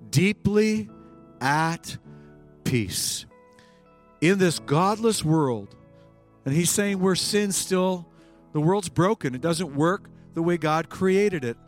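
A male pastor preaching a sermon, swinging between hushed lines and emphatic bursts. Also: high-pitched.

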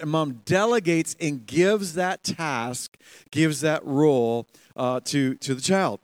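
A man with a slightly high voice delivering a sermon, animated and lively, often laughing as he acts out the voices in his stories. The sound is dry and close, with little room echo. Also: slow pace, smooth. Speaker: pastor.

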